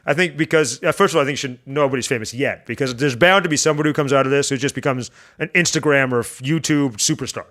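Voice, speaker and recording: Man guest, lively talker, bright and fast, slips into voices. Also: medium pitch. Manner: animated storyteller, jumps into funny voices. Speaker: podcast guest. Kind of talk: casual chat.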